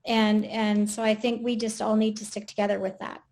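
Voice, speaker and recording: A woman's voice: mid-range voice, flat delivery, moderate pace, few pauses, a little mellow. A woman speaking as a panelist, earnest and encouraging. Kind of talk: casual panel chat.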